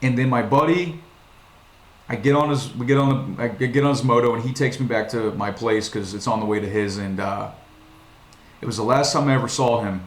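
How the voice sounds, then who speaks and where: A young man from Virginia talks straight to his viewers, swearing freely and starting his sentences over again and again. His voice sits at an ordinary middle pitch, and it carries a roomy echo from the space he films in. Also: fairly quick. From Virginia, USA. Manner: rambling, profane, frequent restarts. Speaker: vlogger. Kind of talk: casual storytelling monologue. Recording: echoey room.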